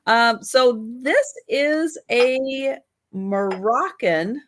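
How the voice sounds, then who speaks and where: A woman's voice: medium pitch, fairly bright tone, a little hiss or hum. A woman hosting a live online sale, calling out bids and patiently explaining each item. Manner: slow, patient, explaining items. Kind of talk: live-stream auction chat.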